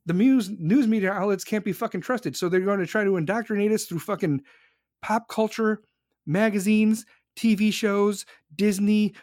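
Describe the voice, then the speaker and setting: A man's voice: high voice, darkish tone, no room sound, clean studio sound. A young man hosting a show, ranting angrily and profanely about politics, heated and emphatic. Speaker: podcast host. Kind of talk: angry political rant.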